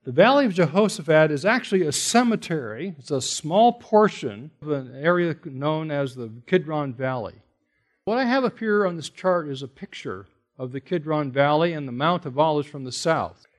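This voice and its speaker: A man preaching a sermon in a slightly higher-than-average voice. He delivers it with animated emphasis, climbing in intensity when he quotes God, then drops into casual asides and rhetorical questions to the congregation. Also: moderate pace.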